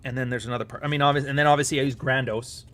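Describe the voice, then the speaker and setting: A man's voice: mid-range voice, steady tone, very fast, fairly bright tone. A man hosting a live stream, chatting casually in a profane, sarcastic and rambling way.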